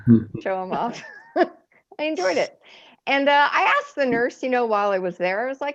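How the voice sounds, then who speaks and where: Speaking in a slightly high, sing-song voice at a moderate pace with long pauses, a stand-up comedian in her forties pokes fun at herself in a chatty set. She laughs at her own jokes, and the stream audio is lo-fi.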